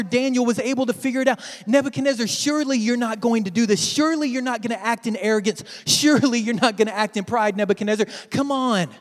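A man preaching a sermon to his church, dramatic and swinging from loud to hushed. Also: extremely high pitch, in a large hall. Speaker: pastor.

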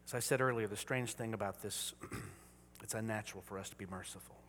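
Pastor preaching in an echoing church. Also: male voice, fairly low pitch, brisk, slight background noise. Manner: swings from hushed whispers to loud exclaiming. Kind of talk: sermon. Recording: reverberant church hall.

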